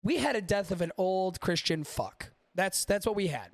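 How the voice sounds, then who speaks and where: Brief: male podcast host, high gravelly voice, dry close sound, swearing and rambling with his chat. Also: lively intonation, normal speed, no echo. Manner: profane, rambling, talks to chat. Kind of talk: casual livestream chat.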